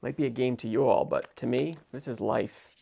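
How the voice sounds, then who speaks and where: Gravelly sarcastic man chatting while drawing. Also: mid-range voice, normal speed, dark tone. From United States. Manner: sarcastic, jokey, talks to himself. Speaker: visual artist. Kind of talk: stream-of-consciousness drawing vlog.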